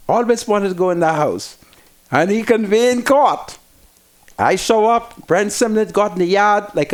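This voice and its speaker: A Bahamian man hosting a heated political talk show, fiery and preachy, speaking in strong local dialect. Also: sits high.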